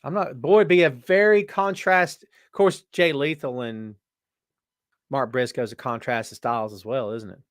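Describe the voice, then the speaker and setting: A man hosting a casual live stream, talking loosely and joking as he reads viewers' comments aloud. His voice sits at an average pitch, and the sound is dry and close with no room echo. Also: normal speed. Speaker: podcast host.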